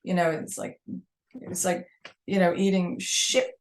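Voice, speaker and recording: A woman's voice: on the low side, unhurried, vocal fry. A woman with a New York accent, a guest telling long, rambling anecdotes in a casual interview.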